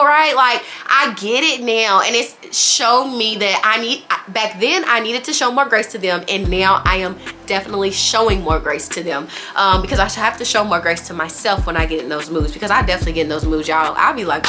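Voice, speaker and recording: Chatty young mom vlogger, bright voice. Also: female voice, medium pitch, animated, moderate pace, faint music behind. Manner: chatty and candid, says y'all, girl and you guys often. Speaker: new mother. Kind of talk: casual sit-down chat to camera.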